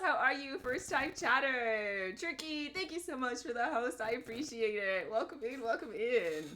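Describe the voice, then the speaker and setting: Bright-voiced chatty woman streamer. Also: a little high. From Puerto Rico. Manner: chatty, laughing asides, greets chat by name. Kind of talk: casual chat.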